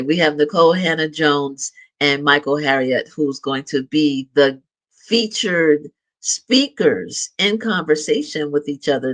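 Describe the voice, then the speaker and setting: A man's voice: on the high side, fairly bright tone, rough recording. A middle-aged man hosting a live show, chatting casually and upbeat as he makes announcements. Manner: chatty and upbeat, with light laughs and restarts. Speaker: show host.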